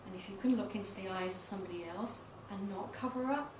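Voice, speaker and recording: A woman's voice: medium pitch, fast. Middle-aged woman, frank and self-mocking speaker; roomy sound, heard from a distance. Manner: candid, self-deprecating storytelling with laughs. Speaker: tantra massage teacher. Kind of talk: public talk. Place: small event space. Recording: roomy, distant mic, noisy.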